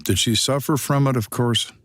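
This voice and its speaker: A man's voice: medium pitch, fairly even intonation, moderate pace, fairly bright tone, no echo. A man in his sixties, a retired detective, telling stories on a podcast in a blunt, dry, wry way. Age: 60s. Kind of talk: storytelling on a podcast.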